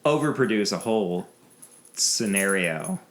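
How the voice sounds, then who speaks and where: A man's voice: fairly low pitch, expressive, a little slow, fairly bright tone. A man hosting a casual bourbon podcast, talking loosely and laughing often. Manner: rambling, laughs often, restarts. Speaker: podcast host. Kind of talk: casual chat.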